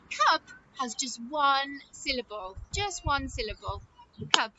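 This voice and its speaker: A woman teacher leads a phonics lesson for small children in a high, bouncy voice that swoops up and down. She speaks slowly and draws out her words in a sing-song, encouraging way. The recording is dull and lo-fi, with clear background noise. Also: very animated.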